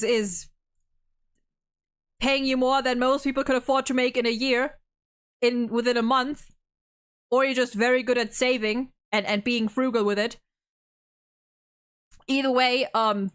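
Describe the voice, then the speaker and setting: A woman's voice: a little high, fairly bright tone, clean tone. A woman streamer chatting casually from her room, rambling with many restarts and stalls. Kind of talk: casual live-stream chat. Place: home room. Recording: game music playing behind.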